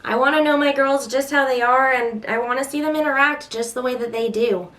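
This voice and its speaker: Young woman, mom vlogger, casual venting; chatty, exasperated, slightly high pitch, squeals when quoting. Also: fairly quick, fairly bright tone.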